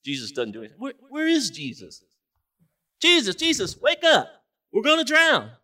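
A man's voice: on the high side, sing-song, moderate pace, gravelly, breathy edge, heavily acted. A man voicing nervous adult male disciples who chat casually and then cry out in a panic. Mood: panicked. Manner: chatty, then frantic and shouting. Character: jittery fishermen disciples, adult men, easily rattled. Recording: voice from a distance.

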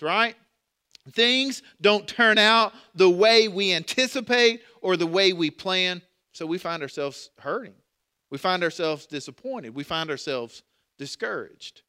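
Guy preaching, chatty, lots of rhetorical questions, high bright voice. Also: clear, resonant tone. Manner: conversational preaching with repeated words and rhetorical questions. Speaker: pastor. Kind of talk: sermon.

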